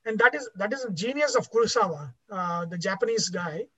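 A man's voice: high-pitched, a little fast, sharp tone, breathy edge. A man teaching a class in an explanatory lecture style, often restarting his words and checking in with "right?". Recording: dull lo-fi recording.

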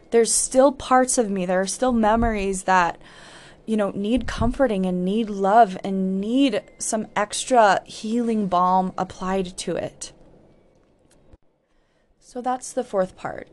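A woman's voice: medium pitch, darkish tone. Candid woman telling a personal story. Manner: candid, reflective, frequent "like" fillers. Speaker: podcast host. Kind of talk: personal storytelling about healing.

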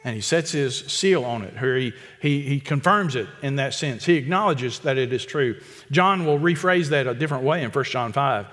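A man preaching an expository sermon, emphatic and repetitive, with quick asides to the congregation. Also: mid-range voice, animated, fairly bright tone, in a large hall. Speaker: pastor.

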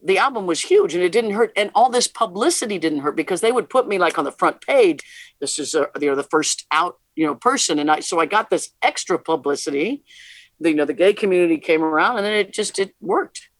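A woman's voice: fairly low pitch, animated, fairly quick, no room sound. A middle-aged woman, a rock musician, talking candidly as an interview guest, laughing often and restarting her sentences. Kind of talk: casual interview conversation.

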